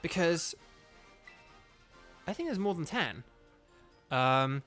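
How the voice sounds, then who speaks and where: A man's voice: on the high side, very animated, takes it slowly, pauses often, a bit bright, soft background music. A man with a Northern Irish accent giving casual let's-play commentary, rambling with lots of fillers and restarts. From Northern Ireland. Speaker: gaming YouTuber and voice actor.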